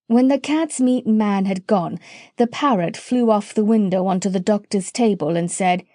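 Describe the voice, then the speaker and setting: Expressive female audiobook narrator, warm and lively, dry close mic. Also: medium pitch, moderate pace, no echo. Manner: expressive, storytelling. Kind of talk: storybook narration.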